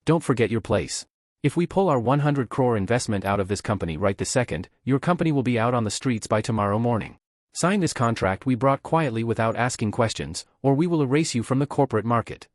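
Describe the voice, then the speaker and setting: Bullying rich investor, played by a man, shouting and threatening, dry sound. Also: mid-range voice, lively intonation, fairly quick, no echo, close to an everyday voice. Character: arrogant bullying male investor.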